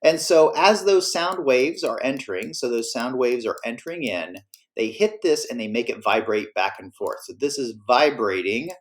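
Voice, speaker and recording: A man's voice: medium pitch, expressive, moderate pace. A man teaching a class, explaining in a casual, self-correcting way. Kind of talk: classroom lecture.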